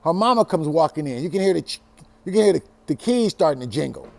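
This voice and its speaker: Animated, high-voiced storytelling man. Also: quick pace, gravelly. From Los Angeles. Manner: animated, profane, swinging from hushed to loud. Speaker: storytelling host. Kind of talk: casual personal storytelling.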